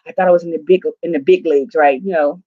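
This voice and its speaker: Fast and on the low side, this woman's voice comes through lo-fi audio. She's a southern U.S. life coach recounting her story in an interview, lively and acting out her own words in quotes.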